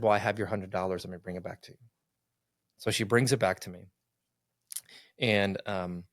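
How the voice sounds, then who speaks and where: A middle-aged man telling a personal story in casual conversation, earnest and animated, acting out what people said. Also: fairly low pitch, dry recording, clean studio sound. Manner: earnest, animated, acts out quotes.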